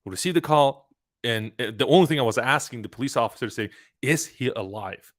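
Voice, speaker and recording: A young man who owns a trucking business, talking casually and giving advice in an animated way, often repeating words and starting sentences over. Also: medium pitch, quick pace.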